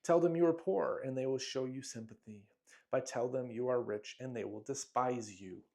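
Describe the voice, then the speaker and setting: A man at an ordinary pitch reads his own self-help booklet aloud with a motivational push. He lands short punchy phrases in a declamatory way and now and then drops a casual aside. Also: normal speed, darkish tone.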